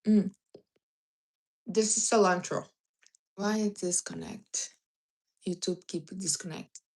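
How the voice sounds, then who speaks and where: A woman's voice: mid-range voice, steady tone, slow pace, darkish tone. Blunt, teasing woman hosting a livestream. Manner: blunt, teasing advice with non-native grammar. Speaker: livestream host. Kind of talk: casual livestream chat.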